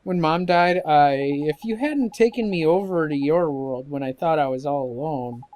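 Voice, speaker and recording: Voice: medium pitch, normal speed, darkish tone, natural voice. Gamer reading an earnest young boy hero. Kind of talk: let's-play dialogue read aloud.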